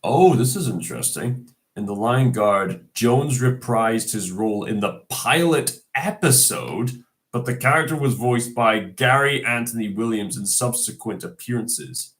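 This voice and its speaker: A man's voice: mid-range voice, expressive, measured pace, fairly bright tone. A man getting over a cold talks casually in a tribute, hesitant and full of fillers and restarts. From Scotland. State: recovering from a cold, coughing. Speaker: video host.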